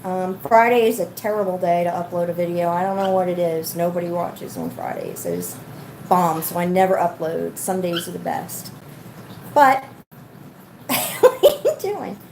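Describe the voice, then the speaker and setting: A woman's voice: fairly low pitch, expressive, normal speed, darkish tone, slight background noise. A woman hosting a casual livestream, rambling and chatty as she answers comments from her viewers. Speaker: livestream host.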